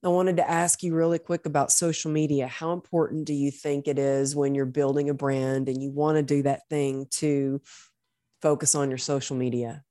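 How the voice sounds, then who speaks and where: A woman's voice: sits low, flat delivery, normal speed, dark tone, dry recording, studio quality. A woman hosting an interview podcast, telling stories effusively and with a faith-tinged turn of phrase. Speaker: podcast host. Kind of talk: conversational interview.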